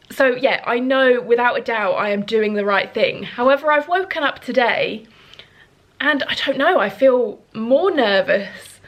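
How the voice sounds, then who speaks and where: A woman, chatting earnestly to camera at home as a vlogger. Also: fairly high pitch. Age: 30s. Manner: earnest, chatty, rambling with fillers. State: emotional, sniffling. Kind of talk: casual chat to camera.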